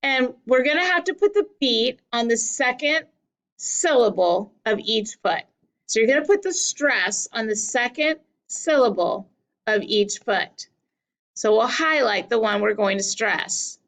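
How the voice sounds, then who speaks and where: Woman teacher, slightly high voice with a gravelly edge, unhurried lesson delivery. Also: fairly bright tone, low-quality recording. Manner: slow, deliberate, stretches key words. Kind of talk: classroom lesson at a whiteboard.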